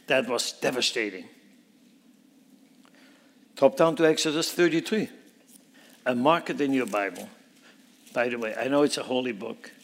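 A man's voice: mid-range voice, vocal fry. A man preaching a sermon, dramatically acting out biblical dialogue with rising intensity. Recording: long hall reverb.

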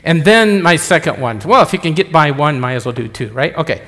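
A man's voice: a little high, animated, a little fast, a bit bright. A middle-aged man preaching, a pastor telling jokes in a rambling, chatty way that keeps interrupting itself. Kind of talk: sermon with jokes. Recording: echoey church hall.

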